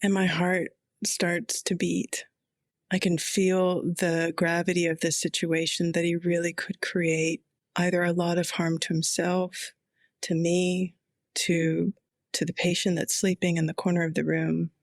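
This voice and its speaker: A middle-aged woman chaplain recounting a personal story in a slow, reflective, quietly intense way. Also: fairly low pitch, little pitch movement, no room sound, clean studio sound.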